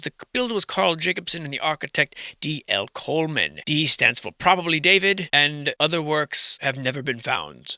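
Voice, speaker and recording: A man's voice: on the high side, sharp tone, no echo. A young man in whispered comedic commentary, reading out building records and mocking them with sarcastic asides. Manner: sarcastic, mocking asides and sudden put-on voices. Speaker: host. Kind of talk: whispered comedic commentary over archive photos.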